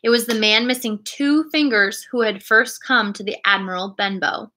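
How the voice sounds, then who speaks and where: A woman reads a storybook aloud with clear, expressive storytelling. Her voice is fairly high and quite bright. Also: normal speed, hardly any pauses. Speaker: reader.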